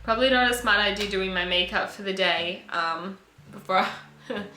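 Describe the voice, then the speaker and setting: A young woman recording a personal video diary, speaking in an emotional, halting way while tearful. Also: mid-range voice, bright, forceful tone, a little hiss or hum. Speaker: vlogger. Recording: echoey room with faint music.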